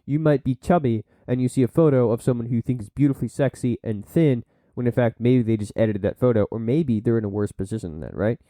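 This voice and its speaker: Dark-voiced man reading from his notes. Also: mid-range voice, fast, hardly any pauses, dry recording. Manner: reads sources aloud, then breaks off into blunt asides; slips into silly put-on voices. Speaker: podcast host. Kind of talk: solo podcast monologue, reading and commenting.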